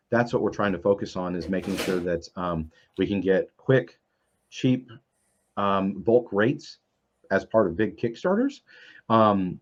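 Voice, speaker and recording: Sex: man. Role: publisher guest on a stream panel. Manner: hesitant, restarts often. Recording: dull lo-fi video call audio. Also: fairly low pitch. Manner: hesitant, many fillers, self-interrupting. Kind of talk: casual panel chat on a livestream.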